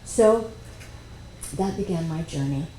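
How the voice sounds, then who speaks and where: A woman speaking at a spiritual workshop, telling a personal story in a conversational, animated way. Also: deep voice, takes it slowly. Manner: animated, conversational, with quoted dialogue. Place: expo workshop room. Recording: echoey room with faint noise.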